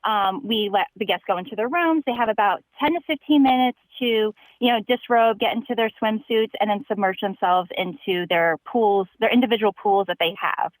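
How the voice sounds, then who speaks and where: A young woman calling in to a podcast, telling a long story in an animated, chatty way with plenty of fillers. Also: medium pitch, moderate pace, few pauses, no echo, poor audio. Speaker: caller. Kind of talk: casual storytelling.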